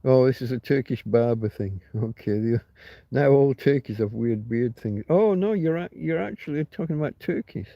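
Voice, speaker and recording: A man's voice: medium pitch, animated, normal speed, creaky, dry recording, dull audio. A man hosting a casual livestream, rambling and swearing freely as he answers chat comments. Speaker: livestream host.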